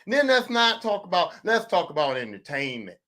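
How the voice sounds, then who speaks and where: A middle-aged man with a notably high voice, talking as a podcast host in a loose comedic rant. He swears freely and hammers his points home by repeating phrases. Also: fairly quick. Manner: profane, animated, repeats phrases for emphasis.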